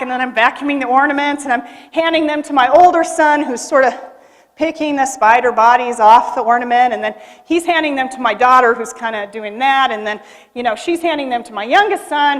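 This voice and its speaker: Animated high-voiced woman in a hall. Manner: animated, dramatic storytelling with acted quotes. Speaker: keynote speaker. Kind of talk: storytelling speech. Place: convention hall. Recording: reverberant hall.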